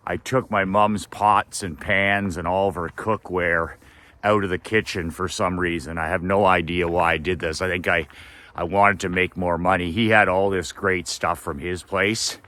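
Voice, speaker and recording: Middle-aged guy telling an old story, low voice but bright and crisp, laid back. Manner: relaxed storytelling with fillers and laughs. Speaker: business coach. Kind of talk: casual storytelling.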